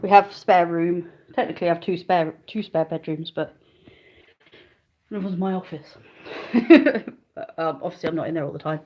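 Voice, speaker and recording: A woman's voice: lowish voice, moderate pace, long pauses, darkish tone, slight background noise. A woman chatting casually on a live stream from her phone at home, easily sidetracked while she talks to viewers and calls her dogs. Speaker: livestreaming vlogger. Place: living room of a rented house, indoors. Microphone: handheld phone, then a phone stand.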